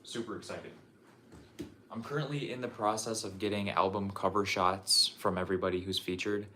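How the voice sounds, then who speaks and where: A young man talks in a casual, rambling way, dropping curse words and restarting his sentences. His voice sits on the low side. A faint noise hangs behind him in the room. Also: steady tone, normal speed, pushed and bright. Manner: loose, profane and repetitive, with frequent restarts. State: out of breath. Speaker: streamer showing his game collection. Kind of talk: casual livestream chat.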